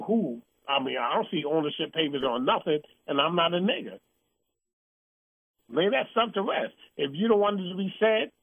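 A man hosts an uncensored call-in talk show, ranting bluntly and heatedly. His voice sits fairly high. The sound is dry and thin, like a phone line. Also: vocal fry, dry recording. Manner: blunt, heated ranting with mocking put-on quotes.

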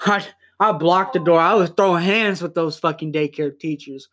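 A young man hosting a casual podcast from home, rambling and swearing as he talks in quick bursts. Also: high-pitched, sharp tone. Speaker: podcast host.

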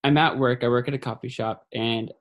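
A man sharing a personal story in a halting, somber way. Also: mid-range voice, steady tone. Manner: halting, full of fillers and restarts; somber, grieving.

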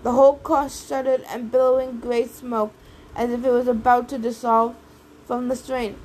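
A woman doing lively audiobook narration, reading a story aloud. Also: on the high side, normal speed, a little hiss or hum, poor audio. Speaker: audiobook reader.

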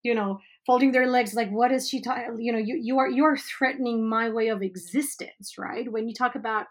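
A woman teacher speaking in an animated, emphatic way in a conversational interview. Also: a little high. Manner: animated, emphatic, quick asides with laughs. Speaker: teacher educator guest.

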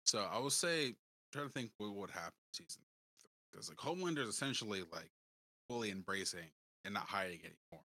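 A man co-hosting a podcast in casual chat, relaxed and slangy, laughing easily. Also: lowish voice, quick pace, no room sound. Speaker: podcast co-host.

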